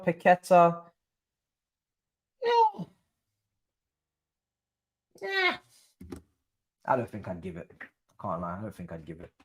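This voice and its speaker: A young man, commentating casually on a live football watchalong and chatting to his viewers in slang. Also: high-pitched. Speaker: watchalong streamer.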